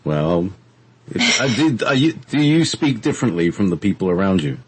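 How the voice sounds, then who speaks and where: A man's voice: lowish voice, very animated, moderate pace, slightly rough. A man from England in casual chat, laughing often and stumbling over restarts as he plays with accents. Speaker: guest.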